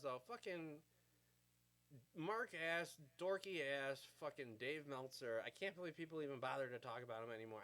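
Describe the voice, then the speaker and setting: A man in his thirties, a vlogger, rants casually to the camera in a medium-pitched, fairly bright voice. He rambles, swears freely and peppers his talk with "uh" and "like."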